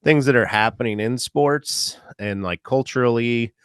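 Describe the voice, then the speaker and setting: A man's voice: mid-range voice, a little slow, clear, resonant tone, no echo, studio quality. A man, a comedian guest on a podcast, chatting casually in a rambling way with plenty of filler words.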